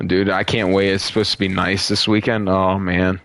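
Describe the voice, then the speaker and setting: A man's voice: sits low, flat delivery, normal speed, fairly bright tone, no room sound. A young man streaming a zombie shooter and chatting casually with a friend, rambling, swearing freely and laughing often. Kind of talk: casual gaming chat.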